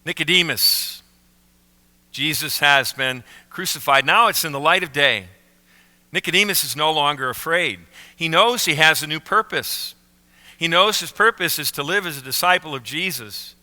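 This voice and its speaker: A man preaching a sermon as pastor, slowing down and leaning on key words. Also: a little high, bright, forceful tone. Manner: slow emphatic phrasing with pauses on key words. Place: church sanctuary. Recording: reverberant church sanctuary.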